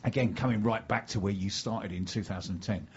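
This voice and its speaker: A man's voice: on the low side, fairly even intonation, a little fast, darkish tone, dull audio, slight background noise. An older man hosting a casual radio chat, chatty and playful, often repeating himself. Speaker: radio show host.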